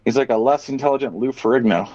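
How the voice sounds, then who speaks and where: A man's voice: medium pitch, fast, darkish tone, no echo, muffled recording. A man co-hosting a podcast in casual chat, riffing bluntly and profanely in a rambling way. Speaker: podcast co-host.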